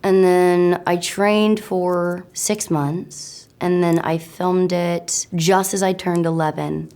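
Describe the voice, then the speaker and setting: A woman's voice: fairly low pitch, flat delivery, slow, hardly any pauses, darkish tone. Chatty, giggly young American woman. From United States. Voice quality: slightly raspy. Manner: chatty, giggly, self-mocking. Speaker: actor answering web search questions. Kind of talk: casual interview.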